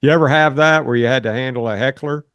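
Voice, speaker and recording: A man hosting a relaxed talk show who laughs often and asks loose, wandering questions. His voice sits in the middle range, and the recording is dry and close. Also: mid-range voice, fast, dry recording. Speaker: podcast host. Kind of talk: casual interview chat.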